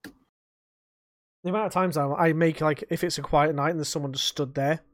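A young man, hosting a casual podcast chat and telling animated stories that he acts out and laces with swearing. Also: fairly high pitch, moderate pace, no echo, studio quality. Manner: animated storytelling, swearing, acting out quotes. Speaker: podcast host.

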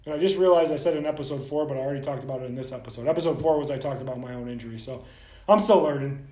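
A man hosting a vlog, ranting bluntly and profanely straight to the camera as a soft tissue clinician. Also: medium pitch, racing, echoey room.

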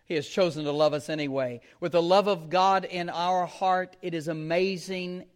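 A man with a notably high voice delivers a sermon, half teaching and half telling stories. He lingers on key phrases, repeating them slowly for weight. Between points he chuckles and drops casual fillers. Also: fairly even intonation. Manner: conversational storytelling with fillers. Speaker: preacher.

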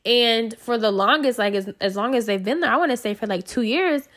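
Here a woman from the United States chats through a personal experience, her voice a little high and a bit bright. She talks briskly, peppering the story with fillers and frequent self-corrections.

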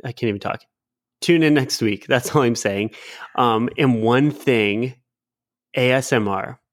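A man's voice: mid-range voice, unhurried, dry recording, clean studio sound. A man co-hosting a podcast in loose, casual chat, swearing and laughing easily. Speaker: podcast co-host.

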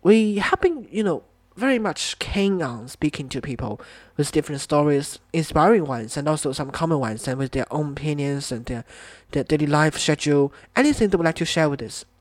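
A man's voice: on the high side, animated, brisk, hardly any pauses, no echo. A man hosting a podcast interview, speaking hesitantly with frequent restarts. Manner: hesitant, with many fillers and restarts. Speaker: podcast host.

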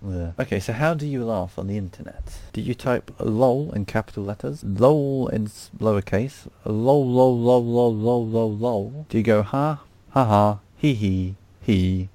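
A man's voice: lowish voice, unhurried, few pauses, mellow, dry recording. A man hosting a podcast, reading out quiz questions in casual chat, joking and stumbling over words. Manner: jokey, stumbles over words and laughs at himself.

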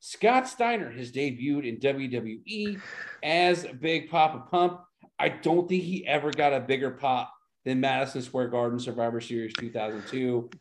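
A man's voice: mid-range voice, moderate pace. A man co-hosting a podcast, recapping an old wrestling event in a casual, enthusiastic way. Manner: enthusiastic, laid-back recapping. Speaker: podcast co-host. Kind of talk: casual chat reviewing wrestling.

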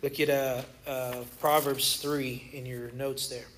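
A man pastor giving an emotional sermon, swinging from loud cries to soft, low passages, in a church. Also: level tone, slow, a little hiss or hum. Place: church sanctuary. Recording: roomy church hall.

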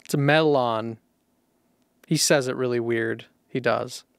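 A man's voice: medium pitch, fairly even intonation, measured pace, creaky, clean tone, no room sound. A young man co-hosting a podcast, reading trivia questions in a dry, teasing manner. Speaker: podcast co-host, quizmaster. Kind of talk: casual podcast banter.

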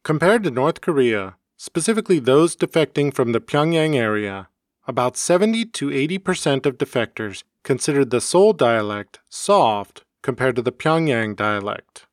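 Male podcast host, mid-pitched, reads his script evenly, close dry home recording. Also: normal speed, dry recording. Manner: even, read-aloud delivery. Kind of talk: scripted educational narration.

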